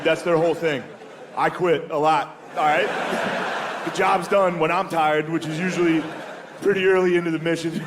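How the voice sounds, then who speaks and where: A man doing a stand-up comedy set in a crude, casual, deadpan manner. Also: fairly high pitch, noisy background.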